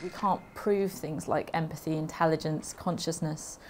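A woman's voice: low-pitched, steady tone, moderate pace, over music. A woman speaking fluently and thoughtfully in a documentary interview as an academic.

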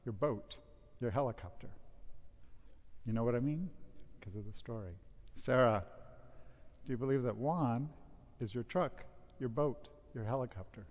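Officiating a wedding, a priest delivers a loose, joking homily in a storyteller's manner, complete with a joke. His voice is medium-pitched and somewhat dark, and the church gives the recording a long reverb.

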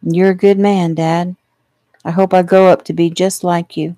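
A woman's voice: on the low side, level tone, moderate pace, warm tone, no room sound, studio quality, natural voice. A woman reading the lines of a polite, earnest young adult son in a storybook.

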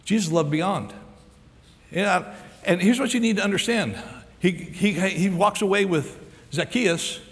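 An American man preaching a sermon as pastor, acting out the story's dialogue with lively energy. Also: high voice, a little slow, pauses often, big-room sound. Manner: animated preacher, acts out dialogue.

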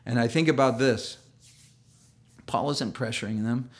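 A male pastor gives a sermon in an animated, chatty storytelling way and acts out quoted voices. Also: mid-range voice, a little slow. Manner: chatty, full of fillers and restarts.

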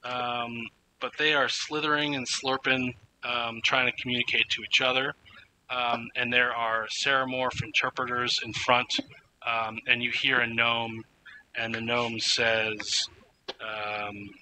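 A man narrating a tabletop game as game master, halting with many fillers and restarts. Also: mid-range voice, little pitch movement, bright, forceful tone, a little hiss or hum, low-quality recording.

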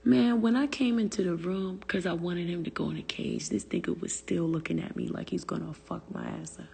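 Young woman griping on a phone live, low dark voice, lots of reverb around her. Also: steady tone, fairly quick, gravelly, a little hiss or hum. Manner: profane, exasperated venting; answers viewer comments aloud. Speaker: livestream host. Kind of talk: casual livestream rant. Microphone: phone livestream.

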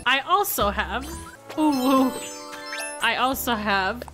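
A young woman streamer giving excitable game commentary, swinging from loud shrieks to low mumbles and swearing freely. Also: slow pace, over music. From United States.

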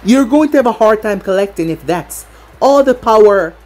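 A woman's voice: mid-range voice, animated, moderate pace, darkish tone, soft background music, lightly acted. Woman reading as a defiant young android fighter.

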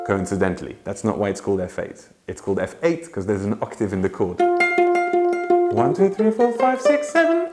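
A man teaching ukulele in a casual, chatty way, laughing often and breaking into song. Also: lowish voice. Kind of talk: casual tutorial talk with sung demonstrations. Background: ukulele playing.

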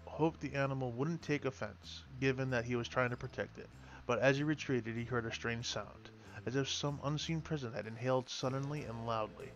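A man reading a fantasy story aloud at a middling pitch, now and then stumbling and restarting a phrase. Background music plays throughout. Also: a bit bright. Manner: reads with slips and restarts. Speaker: lore reader. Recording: music playing behind.

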